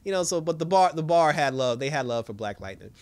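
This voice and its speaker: A man giving a casual, slangy recap of a TV episode, telling it in an animated way and laughing often. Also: on the high side, fast talker. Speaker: TV episode reviewer.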